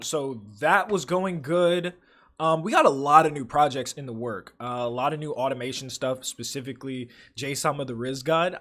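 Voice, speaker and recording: A young man with a fairly high voice hosts a casual livestream. He reads out viewer comments and rambles in loose, filler-heavy slang, swearing freely. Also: fairly bright tone. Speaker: livestream host.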